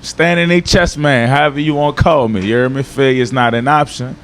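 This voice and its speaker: A young man with a New Orleans accent, chatting casually as an interview guest, laid-back and slangy, sometimes dropping to a low earnest tone. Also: steady tone, a little fast, fairly bright tone. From New Orleans, Louisiana. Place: outdoors in Miami.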